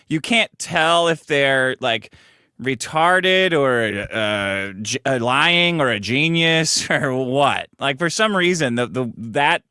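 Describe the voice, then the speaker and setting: A man co-hosting a podcast, tossing in crude deadpan one-liners. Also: fairly high pitch, dry recording, clean studio sound. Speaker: podcast co-host. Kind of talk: casual podcast chat.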